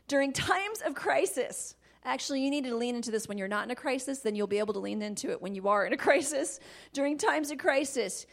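Woman giving a church-style marriage talk, kinda high voice, animated, laughs a lot, goes soft sometimes. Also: fast talker, gravelly. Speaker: Christian marriage teacher. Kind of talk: faith-based teaching talk.

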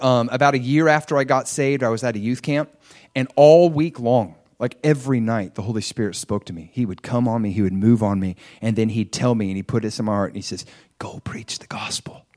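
A middle-aged man preaching a sermon, telling a personal story and acting out his own thoughts with energy. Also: mid-range voice.

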